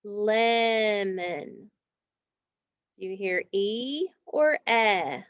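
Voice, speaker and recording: Speaking in a fairly high, animated voice, a woman teacher models words slowly and deliberately, stretching each one out in a recorded phonics lesson for kids. There's no room sound, and the home recording is dull, dry, and lo-fi.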